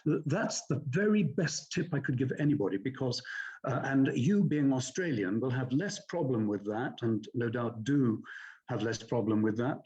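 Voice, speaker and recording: A man's voice: medium pitch, expressive, mellow. Older guy explaining audiobook narration, polite and careful, kinda muffled sound. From England. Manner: measured, courteous, articulate. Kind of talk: interview answers, explaining narration technique.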